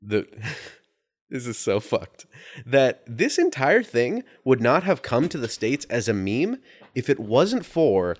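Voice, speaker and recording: A man in the middle of his natural pitch range tells a story in a relaxed, casual chat. He speaks with animated energy, swears freely and often stops to restart his sentences. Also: slow.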